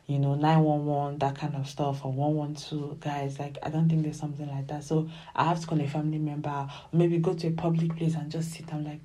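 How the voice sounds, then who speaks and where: A woman giving casual, animated commentary as she reviews a television drama. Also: fairly low pitch, moderate pace, husky. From Nigeria. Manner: animated and emphatic, often acts out dialogue.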